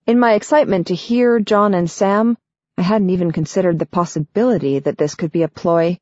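A woman narrating a story in first person for an audiobook, steady and clear. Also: on the low side, brisk, no echo. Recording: dull, dry studio sound.

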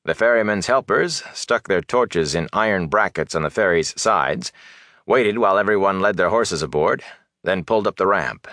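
Deep-voiced male audiobook narrator. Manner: measured, steady storytelling. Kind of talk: scripted fantasy narration.

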